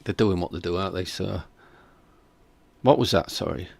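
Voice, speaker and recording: A man's voice: deep voice, normal speed, gravelly, breathy edge, no echo. A man hosting a reaction stream, chatting casually and skeptically while reading out viewer comments. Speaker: reaction video host.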